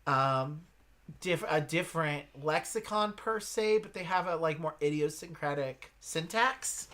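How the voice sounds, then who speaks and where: A man's voice: fairly high pitch, unhurried, pushed and bright. A man with a slight lisp co-hosting a casual chat, talking in a chatty, rambling, enthusiastic way. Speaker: co-host.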